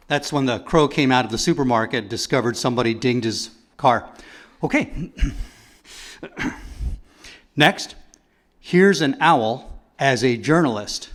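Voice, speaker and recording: A man at an open mic doing stand-up, setting up short animal impression bits and clearing his throat between them. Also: mid-range voice, expressive, slow, a bit bright.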